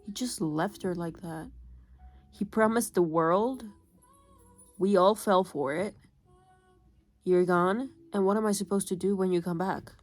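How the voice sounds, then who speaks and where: A young woman talks to camera in a casual book vlog, emotional and swearing freely. She swings between loud outbursts and low, muttered complaints. Faint music plays behind her voice. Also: a little slow, pauses often. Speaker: book vlogger. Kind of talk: casual reading vlog reaction.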